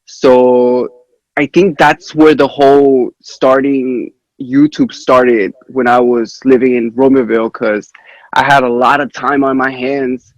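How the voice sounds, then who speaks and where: A man answers interview questions slowly and casually, stopping often to think. His voice is recorded dry, with no room sound. His pitch is ordinary. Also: no echo, highs cut off. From Chicago area. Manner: hesitant, relaxed, with many uh fillers. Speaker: podcast guest, YouTuber.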